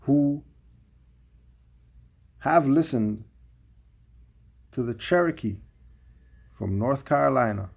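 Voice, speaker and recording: Gravelly, husky man ranting. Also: medium pitch, expressive, slow pace, long pauses, highs cut off. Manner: emphatic, full of rhetorical questions. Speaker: commentator. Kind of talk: livestream commentary.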